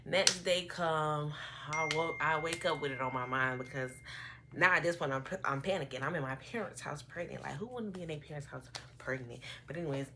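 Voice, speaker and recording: Young woman w a low voice rambling thru a storytime vlog, faint hiss behind, phone mic at home. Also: brisk. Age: 20s. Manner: animated, rambling, quotes herself often. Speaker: vlogger. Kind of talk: casual storytime. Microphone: phone camera.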